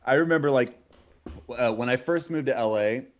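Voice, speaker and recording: A man in his forties swaps stories with a friend on a livestream. His pitch sits in the ordinary middle range for a man. He rambles, leans on "like" and restarts his sentences. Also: moderate pace. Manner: rambling, heavy use of "like", restarts mid-sentence. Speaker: stream co-host. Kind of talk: casual storytelling chat.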